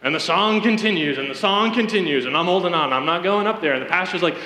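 Male preacher, high bright tone, earnest testimony, roomy church reverb. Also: expressive, fast. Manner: earnest storytelling, addresses congregation directly. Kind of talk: sermon. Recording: echoey hall reverb.

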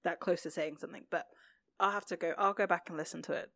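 A woman's voice: lowish voice, fairly even intonation, fast, sharp tone, dry recording. A woman co-hosting a podcast, chatting in a rambling way about a TV episode. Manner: rambling, many fillers and restarts. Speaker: podcast co-host. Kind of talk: casual chat recapping a TV episode.

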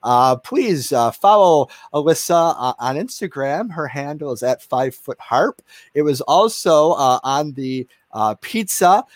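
A man's voice: on the high side, animated, measured pace, no room sound, clean studio sound. A man hosting a casual interview, chatty, with many fillers and restarts and frequent laughter. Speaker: interview host.

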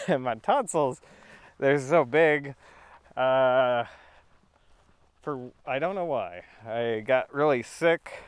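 A man's voice: medium pitch, slow, smooth, no room sound. A young man rambling in a casual monologue, with a goofy, slightly throaty voice, laughing often and restarting his sentences. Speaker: video creator.

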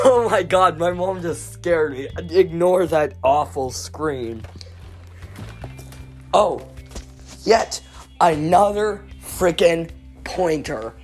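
Young woman, low voice, slow ramble, stutters and repeats, self-deprecating podcast host, faint music underneath. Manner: self-mocking, jumps between loud outbursts and mumbling. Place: home recording studio room with her dog.

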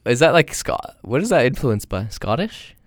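A young man hosting a podcast in a casual chat, playful and teasing, quick to laugh. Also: medium pitch, big pitch swings. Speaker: podcast host.

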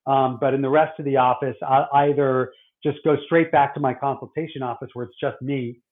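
A man's voice: medium pitch, steady tone, brisk, narrow, tinny audio. A middle-aged man, a doctor, chatting casually and rambling, with many restarts and fillers. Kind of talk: casual podcast chat.

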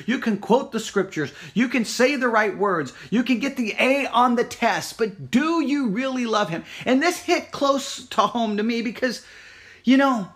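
A man giving a devotional sermon, earnest and searching, repeating his questions slowly. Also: very high voice, expressive, fairly bright tone. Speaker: pastor.

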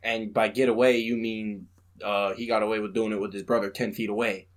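A man's voice: on the low side, level tone, fairly quick. A young man co-hosting a podcast, chatting casually about a movie, laid-back and teasing, laughing often. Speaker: podcast co-host. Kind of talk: casual movie review chat.

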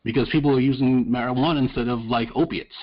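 A man's voice: medium pitch, fairly even intonation, quick pace. A man on a podcast, chatting casually, earnestly arguing a point with some stammered restarts. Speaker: podcast co-host. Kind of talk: casual chat. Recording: dull lo-fi sound.

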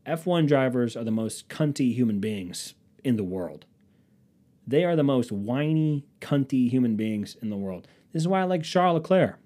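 A man's voice: medium pitch, lively intonation, moderate pace, warm tone. A man rambling casually as a podcast host, sarcastic and profane. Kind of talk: casual chat.

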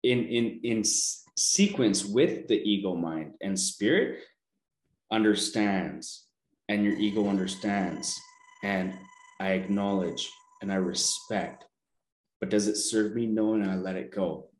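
A man's voice: fairly low pitch, slow. Earnest man in a roomy echo. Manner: earnest, reflective self-help talk with frequent "right?". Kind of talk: casual chat.

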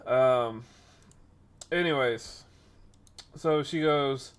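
A young man casually telling a workplace story on a stream, acting out the people in it and getting loud at times. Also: mid-range voice, very slow, smooth. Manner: animated, acts out quoted voices, rises to loud outbursts.

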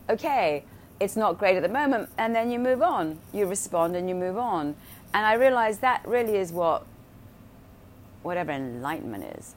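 A woman's voice: deep voice, a little hiss or hum. A woman in casual spiritual talk, blunt and profane, often checking in with "right?" and "you know". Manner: blunt and profane, acts out quoted voices.

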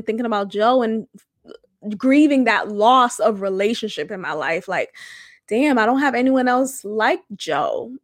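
A woman's voice: fairly high pitch, dry recording, studio quality. Candid woman with a raised voice. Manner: candid, emotional, conversational with many fillers. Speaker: podcast host. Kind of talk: personal storytelling monologue.

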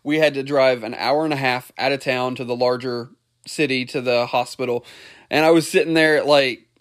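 A young man hosting a casual conversation, friendly and chatty, quick to laugh. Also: medium pitch, fairly even intonation.

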